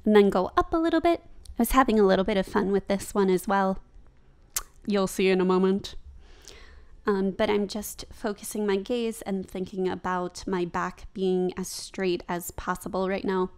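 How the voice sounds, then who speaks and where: A woman's voice: mid-range voice, fairly even intonation, moderate pace, smooth. A young woman talking casually over her own yoga practice as a vlogger, chatty and laughing at herself.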